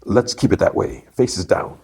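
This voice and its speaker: A man's voice: fairly low pitch, moderate pace, creaky, mellow. A man putting on a smug Irish robber boss. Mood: commanding. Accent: attempted Irish. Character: male Irish bank robber leader, smug and cool. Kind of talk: recapping a show with acted quotes.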